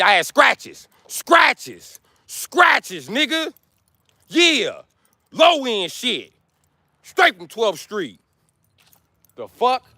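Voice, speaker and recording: A man's voice: high-pitched, creaky, bright, forceful tone, no room sound. A man in his forties from the United States, ranting on a livestream, blunt and cursing nonstop. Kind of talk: profane rant to a live stream.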